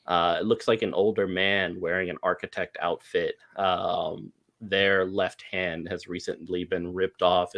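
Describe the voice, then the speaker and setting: A man as game master, describing a grim scene in an unhurried way with many fillers. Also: low voice, fairly bright tone. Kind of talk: narrating a tabletop horror game.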